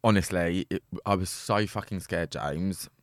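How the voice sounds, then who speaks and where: A man recounts a story in a casual chat, his voice sitting very low. He rambles, leans on fillers and swears freely. The sound is close and dry. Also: a little slow, no echo.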